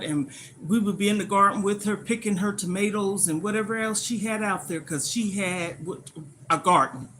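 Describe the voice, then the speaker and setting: An older woman talks on a casual live stream as she cooks in her home kitchen, her voice bright and forceful. She moves between firmly telling off rude viewers and warmly recalling her grandmother. A faint sizzle sits behind her phone mic. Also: mid-range voice, a little hiss or hum, rough recording. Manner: scolding rude viewers, then fond reminiscing. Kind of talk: casual live-stream chat while cooking.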